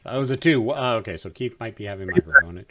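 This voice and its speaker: A man hosting a casual online tabletop game session, relaxed and chuckling, often repeating words. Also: on the low side, fast talker, highs cut off.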